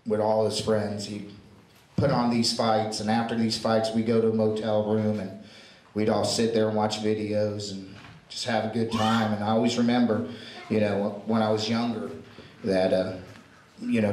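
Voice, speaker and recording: Dude giving a eulogy, kinda low voice, rambly, lots of you knows, echoey room. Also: male voice, little pitch movement, normal speed, darkish tone. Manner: rambling storytelling with many fillers. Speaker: eulogy speaker. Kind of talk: informal spoken tribute. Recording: echoey room with faint noise.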